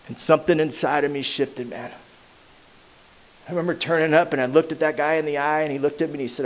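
Guy telling his sobriety story at a meeting, kinda high voice, loose slangy talk, gets real quiet sometimes. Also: steady tone, fast. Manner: casual, slangy storytelling, dropping to a hushed voice at emotional moments. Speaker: AA meeting speaker. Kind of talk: personal recovery story told to a crowd. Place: meeting hall.

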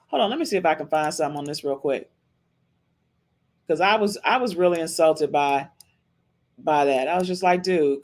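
A woman hosting a podcast, giving casual reaction commentary on a livestream in an emphatic, chatty way and often tossing in a questioning "okay?". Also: sits low. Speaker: podcast host.

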